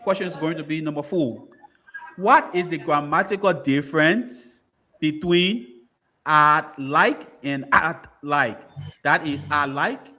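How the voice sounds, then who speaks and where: A man's voice: a little high, slow pace, sharp tone. A man with a Liberian English accent moderating a school quiz bowl, reading questions and repeating commands to hurry contestants.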